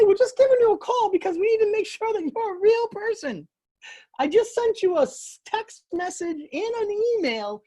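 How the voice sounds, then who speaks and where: A man putting on a gushing excited woman caller. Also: very high voice, voice pushed up, rough recording. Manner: bubbly, breathless gushing. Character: gushing, overexcited young woman calling from a business.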